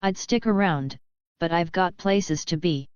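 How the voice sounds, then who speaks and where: A quick-witted young man who shrugs off danger with dry jokes, as a woman reads him in an audiobook. The voice sits low and smooth. The recording is dry and a bit muffled. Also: dry recording, natural voice. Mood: breezy. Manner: dry, joking, breezy. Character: confident wisecracking young man, soldier-summoning hero. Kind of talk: audiobook reading.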